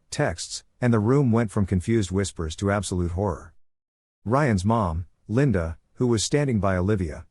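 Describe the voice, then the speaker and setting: A man narrating a first-person drama story in a calm, cool tone. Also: lowish voice, breathy edge, no room sound, studio quality.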